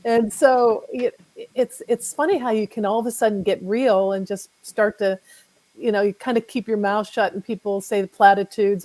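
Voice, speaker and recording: A woman's voice: mid-range voice, fairly even intonation, moderate pace, a little mellow, rough recording. A middle-aged woman, a guest author, speaking candidly and wryly in a casual interview. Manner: candid, wry with light laughs.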